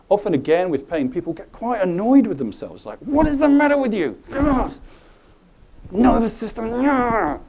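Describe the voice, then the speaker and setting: A middle-aged man giving a live presentation to an audience, animated and often checking in with questions. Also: medium pitch. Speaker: presenter at a health talk.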